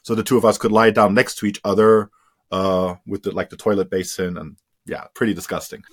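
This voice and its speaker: A man's voice: lowish voice, fairly even intonation, brisk, slightly rough. A man telling his story as an interview guest, candid and casual, swearing freely and often trailing into fillers.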